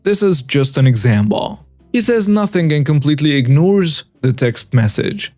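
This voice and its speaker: A man reads a submitted story aloud as scripted narration, his voice sitting a little on the high side. He moves through it in short, clipped phrases. The sound is dry and close, with faint music running softly behind him. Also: sing-song, moderate pace, no echo. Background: soft background music.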